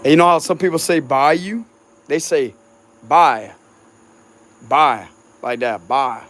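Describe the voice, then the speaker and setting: A man's voice: on the high side, normal speed. A man with a Cajun accent chatting casually with his supporters as a tarot reader, outdoors on a hot night. He is laid-back, laughs a lot and swears freely. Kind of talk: casual rambling chat.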